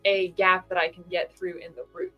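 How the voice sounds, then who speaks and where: A woman's voice: lowish voice, little pitch movement, moderate pace, highs cut off, soft background music. Woman player stating her moves. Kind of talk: casual tabletop game chat.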